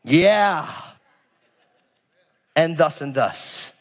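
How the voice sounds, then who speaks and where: A man preaching a sermon as a pastor, animated and conversational, acting out the people in the story with casual asides. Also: sits high, normal speed, in a large hall. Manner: animated, acts out biblical figures with casual asides.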